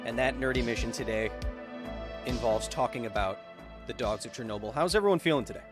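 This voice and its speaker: A man's voice: mid-range voice, brisk. Man, science livestream host, casual chat, upbeat and jokey, faint background music. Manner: upbeat, jokey, bursts of excitement. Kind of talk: livestream chat, reading viewer donations.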